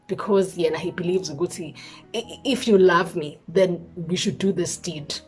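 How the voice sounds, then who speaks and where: A young South African woman vlogger telling a personal story in an expressive voice, mixing in isiZulu words. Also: lowish voice, normal speed, soft background music. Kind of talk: storytime vlog.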